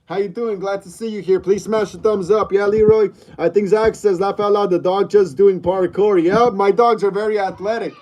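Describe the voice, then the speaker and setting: A man's voice: high voice, fairly even intonation, normal speed, hardly any pauses, darkish tone. A man hosting a casual livestream from a room at home, greeting viewers over and over and reading chat aloud. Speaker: livestream host. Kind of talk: casual live-stream chat. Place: room at home, mid-move.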